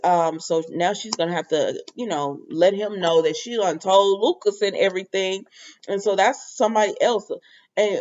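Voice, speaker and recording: A woman's voice: on the low side, darkish tone, muffled recording. Chatty woman recapping a soap episode. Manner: chatty, rambling, filler-heavy retelling. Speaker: soap opera reviewer.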